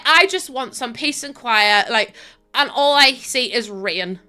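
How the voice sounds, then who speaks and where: A woman's voice: fairly high pitch, expressive, measured pace, sharp tone. A woman with a Northern Irish accent chatting casually on a live stream, laughing often and thanking viewers by name. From Northern Ireland.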